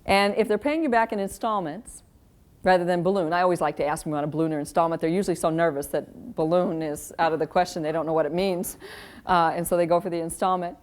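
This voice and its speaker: Wry, lively woman giving a talk. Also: fairly low pitch, fast talker. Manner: lively, wry, acts out quoted voices. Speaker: parenting speaker. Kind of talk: live parenting lecture.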